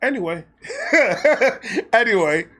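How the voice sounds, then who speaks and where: Excitable bright-voiced man telling a story. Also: sits high, slow pace. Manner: excitable, profane, animated. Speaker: storyteller host. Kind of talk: casual storytelling vlog.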